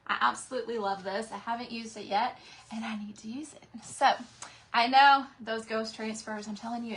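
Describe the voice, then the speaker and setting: A woman's voice: on the high side, fairly bright tone, slight background noise. A woman with a Texas accent hosting a casual craft livestream from her craft room, chatting with viewers and greeting them by name.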